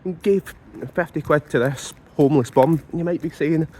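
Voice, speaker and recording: A man with a Scottish accent telling a comic story as a monologue, animated and stumbling over repeated words in mock outrage. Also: on the high side, moderate pace.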